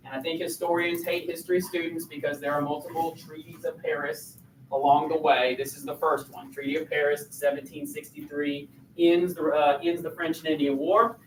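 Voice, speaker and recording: A man's voice: on the high side, level tone, normal speed, far from the mic, a little hiss or hum. Man teaching a class, heard from across an echoey room. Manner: conversational, asks the class questions. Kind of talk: classroom lecture.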